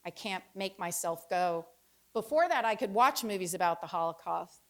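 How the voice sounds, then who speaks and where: A woman in her fifties performing a reflective personal essay with wry storytelling and pauses. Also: fairly low pitch, lively intonation. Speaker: author giving a reading.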